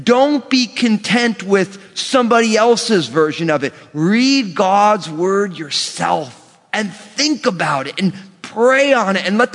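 High-voiced preaching pastor in a hall. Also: male voice. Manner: animated preaching, acting out quoted voices. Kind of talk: sermon. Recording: long church reverb.

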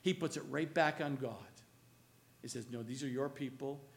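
A male pastor preaching a sermon, asking the congregation questions and swinging between loud, emphatic lines and hushed, slow ones. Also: medium pitch, gravelly.

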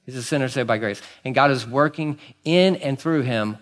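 Animated male preacher, conversational. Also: mid-range voice, normal speed. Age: adult, married. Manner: animated, swings from hushed asides to emphatic exclamations. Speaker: pastor. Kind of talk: sermon.

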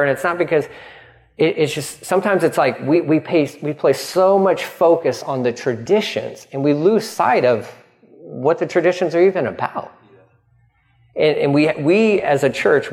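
A man preaching a sermon as pastor, animated and quick to act out voices, often restarting his sentences. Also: fairly high pitch. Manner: animated, acting out voices in dialogue; frequent restarts and stumbles.

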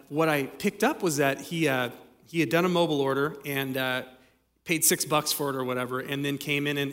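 A man giving a sermon as pastor, telling stories in a relaxed, conversational way with frequent fillers. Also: medium pitch. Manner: conversational storytelling with many fillers. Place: church sanctuary. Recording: long hall reverb.

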